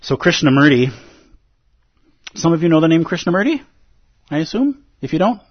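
Animated, emphatic man giving a dharma talk. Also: fairly high pitch, normal speed, breathy edge, highs cut off. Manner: animated, emphatic, acts out inner voices. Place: Zen center meditation hall.

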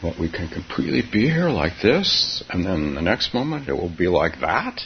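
A man giving a relaxed dharma talk, his low voice gravelly and swinging widely in pitch. He speaks softly and haltingly, breaking into small laughs between phrases. The recording is dull and faintly hissy. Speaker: meditation teacher.

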